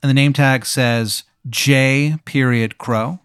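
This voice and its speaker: A man telling a rambling, deadpan improvised story, full of fillers. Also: medium pitch, takes it slowly, smooth, no echo.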